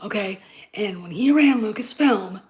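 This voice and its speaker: A woman's voice: mid-range voice, animated, unhurried, a little mellow, rough recording. A woman hosting a live stream, lecturing her chat insistently, repeating her points and checking in with "okay?".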